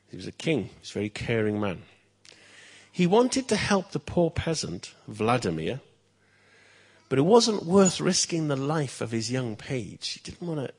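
A male pastor telling a story in church, full of lively asides and direct questions to the children. His voice has a gravelly fry and a husky, breathy grain, at an ordinary pitch.

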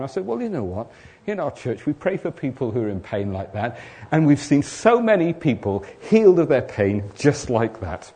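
A man's voice: medium pitch, big pitch swings, moderate pace, mellow. A man preaching to a congregation. He tells his story by playing out the back-and-forth of a conversation, then builds into emphatic, urgent exhortation. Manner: acts out both sides of conversations, rising to emphatic exhortation. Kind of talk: sermon with storytelling.

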